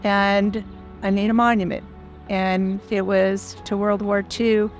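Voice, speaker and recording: Older woman, sixties, earnest plain-spoken storyteller, level monotone delivery, faint music underneath. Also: medium pitch, slow pace. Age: 60s. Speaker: foundation founder. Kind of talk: personal storytelling.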